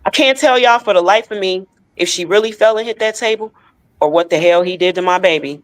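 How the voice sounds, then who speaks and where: A woman's voice: medium pitch, a little fast. A woman co-hosting a podcast, telling a painful personal story with emotion and speaking straight to her listeners. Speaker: podcast co-host.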